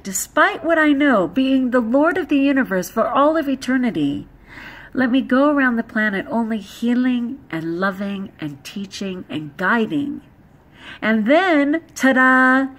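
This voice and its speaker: Woman playing an earnest, preachy Jesus, a loving grown man, pitched a little high.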